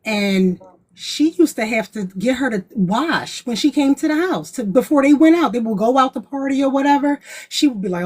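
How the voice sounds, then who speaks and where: A woman's voice: high voice, expressive, normal speed, a little mellow. A woman panelist chatting casually and telling anecdotes, acting out what people said. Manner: chatty anecdotal storyteller, acts out quotes. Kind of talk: casual storytelling chat.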